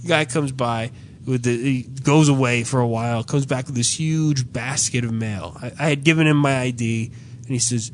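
A man's voice: medium pitch, normal speed, slight background noise. A man casually telling a comedic story, profane and exasperated, acting out the people in it. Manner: profane, exasperated, acts out quoted dialogue. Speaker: storyteller in podcast chat.

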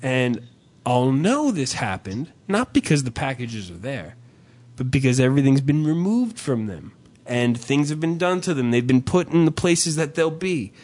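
In an offhand chat, a man with a mid-range voice and moderate pace riffs comically on the little things that bug him. He curses freely and hams it up, animatedly belting out mock-shouted lines.

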